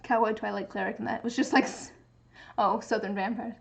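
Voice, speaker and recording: While streaming her crafting, a woman from the Pacific Northwest rambles in casual chat with lots of restarts. She speaks a little fast in a gravelly, medium-pitched voice with fairly even intonation and a light regional American accent.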